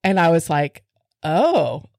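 A middle-aged woman co-hosts a faith podcast in a lowish voice, earnest and animated as she tells her stories. The sound is close and dry, with no room around it. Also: normal speed, dry recording. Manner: earnest, animated storytelling with laughs. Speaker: podcast co-host.

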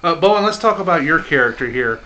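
A man's voice: fairly high pitch, animated, fast, pushed and bright, a little hiss or hum, rough recording. A man hosting a podcast interview, easygoing and affirming as he chats with his guests. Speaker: podcast host. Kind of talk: casual interview chat.

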